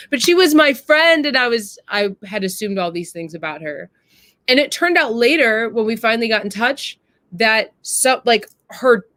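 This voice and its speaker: A woman's voice: mid-range voice, a bit bright, no echo. A woman hosting a live stream, talking earnestly and casually and addressing her viewers directly. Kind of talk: casual reflective talk to viewers.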